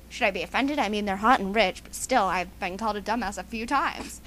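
A woman's voice: mid-range voice, fairly quick, few pauses, a bit bright, a little hiss or hum. A woman doing a silly, exaggerated comedic parody dub of an anime scene, often breaking into giggles. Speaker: fan dubber.

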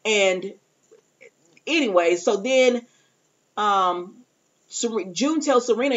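A woman's voice: a little high, lively intonation, slow, pauses often, highs cut off. Chatty woman recapping a TV episode. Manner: chatty, rambling, acts out characters' lines. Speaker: TV recap reviewer.

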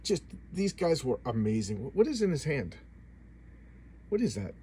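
A man in his fifties from the United States talks through an old comic in a loose, rambling way. He stumbles over his words and repeats them, then slips into quick voices for the characters. His voice has a faint husk to it. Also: mid-range voice, very animated, mellow, slightly rough. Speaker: comic book collector reviewing back issues. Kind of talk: casual video review chat.

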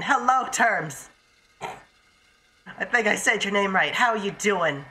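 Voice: medium pitch, lively intonation, slow pace, pushed and bright. A young adult streamer giving casual, profane commentary while playing a game live and chatting to viewers. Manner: chatty, profane, talks to self and chat.

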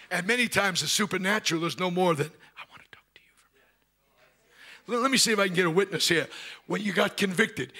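A man preaching a sermon, swinging from loud shouts to hushed whispers and repeating himself in quick restarts. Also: high-pitched, slightly rough. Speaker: pastor. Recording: live from a church.

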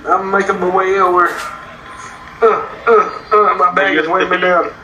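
A man giving excitable, playful commentary while playing a video game with a friend. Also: sits high, moderate pace, highs cut off, a little hiss or hum. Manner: excitable, hyped, playful trash talk. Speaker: gamer host. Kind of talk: casual gaming commentary. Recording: echoey, far from mic, music playing.

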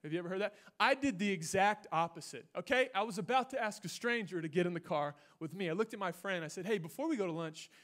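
Brief: young male pastor, high voice, animated sermon storytelling, loud-to-hushed swings, stage mic. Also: fast talker, few pauses. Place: church stage.

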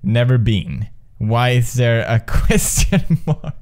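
A young man giving let's play commentary on a quiz game, excitable and profane, often laughing and yelling at the screen. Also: mid-range voice, moderate pace, noisy background. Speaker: gaming video host.

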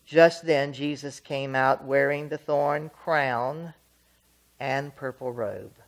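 Calm church reader going slow through scripture, steady. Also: medium pitch. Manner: measured, steady reading. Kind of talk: scripture reading at a service.

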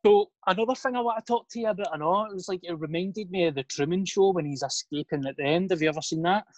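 Scottish host, slightly high voice, takes the piss, joking around. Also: male voice, quick pace, a little mellow, lo-fi sound. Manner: teasing, jokey banter. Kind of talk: casual podcast chat.

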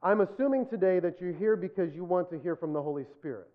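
High-voiced pastor preaching, tinny sound. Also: male voice, expressive, quick pace. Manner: earnest, repetitive emphasis, self-deprecating humor. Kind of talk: sermon.

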